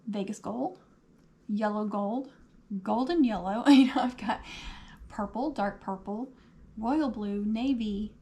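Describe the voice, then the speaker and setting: Woman, slightly hoarse, mellow tone, chatty, answering viewer comments. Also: medium pitch, slow pace, long pauses. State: losing her voice. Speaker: craft livestream host. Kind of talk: casual livestream chat.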